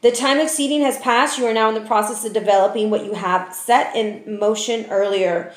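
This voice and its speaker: A woman's voice: a little high, fairly even intonation, fairly quick. A woman giving a casual tarot reading, chatty and profane, often ending remarks with "okay?". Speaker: tarot reader. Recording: roomy echo.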